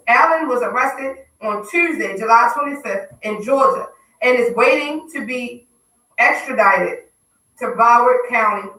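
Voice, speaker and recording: A woman's voice: fairly high pitch, sharp tone. A woman hosting a casual hip hop news radio show, reading headlines with slangy, joking asides. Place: radio studio. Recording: roomy studio, mic at a distance.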